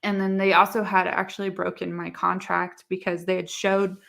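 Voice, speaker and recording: A young woman speaks as an interview guest, her voice bright and forward. She tells her story in a loose, rambling way, packing it with "like" and acted-out quotes from the people involved. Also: lowish voice, flat delivery, normal speed, vocal fry. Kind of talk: candid casual interview.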